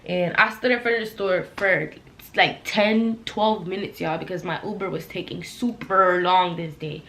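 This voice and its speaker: Animated young woman in echoey room. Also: on the low side, moderate pace, slight background noise. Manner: animated, heated retelling with loud acted-out quotes. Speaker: vlogger telling a story. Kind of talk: casual storytime vlog. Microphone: laptop camera.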